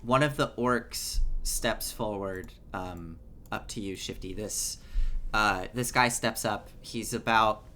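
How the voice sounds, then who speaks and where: A man narrating a tabletop game as game master in a relaxed way, with frequent fillers. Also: on the low side, slow pace.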